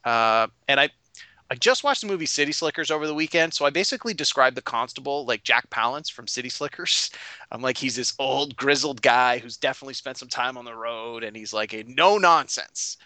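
A man who is a game master, recapping a tabletop session in animated casual chat. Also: medium pitch, brisk, dry recording.

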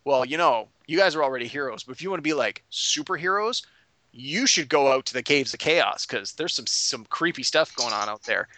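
A man voicing a hearty, jovial innkeeper in a tabletop game recap, pitching his voice up. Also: animated, a little fast, sharp tone, a little hiss or hum. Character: hearty male innkeeper, boisterous.

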